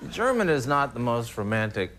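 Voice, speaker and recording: A man, a comedian guest on a talk show, telling animated stories and slipping into voices. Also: medium pitch, normal speed. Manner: animated storytelling, slips into voices. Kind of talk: late-night talk show chat.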